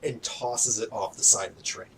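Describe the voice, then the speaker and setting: A man's voice: on the low side, moderate pace, slight background noise, poor audio. A man narrating as game master in a casual, filler-heavy way.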